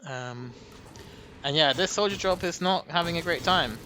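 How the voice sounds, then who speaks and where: A man's voice: fairly high pitch, moderate pace. A man giving casual, chatty live commentary on a strategy game match. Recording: steady background noise.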